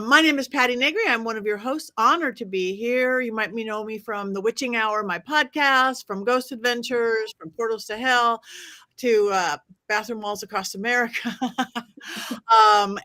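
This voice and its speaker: A woman's voice: a little high, sharp tone. A woman hosting a casual panel chat over a video call, bubbly and drawing out her opening words. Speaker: podcast host.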